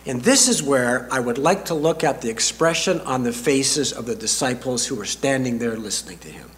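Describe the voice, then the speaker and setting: An older man preaching a sermon as a pastor, slow and deliberate with dramatic pauses, speaking in a church sanctuary. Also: medium pitch, animated. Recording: reverberant hall.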